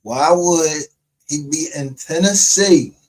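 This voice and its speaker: A man's voice: a little high, takes it slowly, a little mellow, rough recording. A man hosting a livestream, rambling in casual, profane commentary and laughing often. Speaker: livestream show host.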